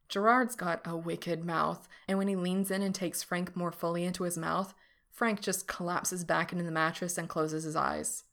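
Woman reader, fiction narration, gravelly voice, lowish pitch, steady and unhurried.

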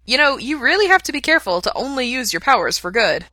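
A woman reading aloud who puts on a playful, eager young man with a higher, louder, halting voice. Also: animated, no room sound. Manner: halting, eager, raised and louder than the narration.

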